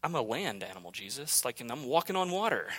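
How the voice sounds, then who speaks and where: A man's voice: medium pitch, very animated, fast talker, fairly bright tone, voice pushed down. A male preacher voicing Peter as an anxious, impulsive fisherman who pleads urgently in a raised voice. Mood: bewildered.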